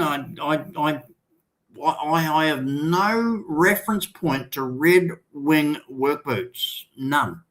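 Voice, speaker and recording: Old aussie guy on his livestream, slow and rambly, lots of um and restarts, reading out chat comments. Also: on the high side, a bit bright. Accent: Australian. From Australia. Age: older. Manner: rambling, halting, with many restarts and fillers. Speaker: livestream host.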